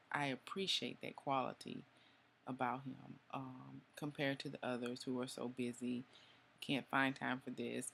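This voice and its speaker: Woman, about forty, vlogging; gravelly, chatty, confiding, lots of ums. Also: very deep voice, a little hiss or hum. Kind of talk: casual personal storytelling.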